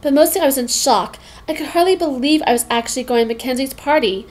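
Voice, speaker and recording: A woman narrating a children's book in the first person, her voice a touch higher than most. She reads with lively expression and the occasional stumble over a word. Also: fast talker. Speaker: reader. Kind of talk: reading a children's novel aloud.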